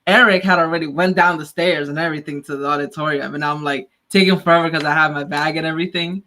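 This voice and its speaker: A woman co-hosting a tech podcast in casual chat, talkative and quick to laugh, acting out the lines she quotes when telling a story. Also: deep voice, steady tone, pushed and bright. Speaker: podcast co-host.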